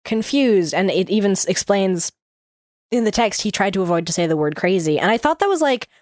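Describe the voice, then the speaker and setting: A woman's voice: mid-range voice, expressive, brisk, no echo, clean studio sound. A young woman co-hosting a podcast, chatting casually about a book, giggly and full of fillers. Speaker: podcast co-host.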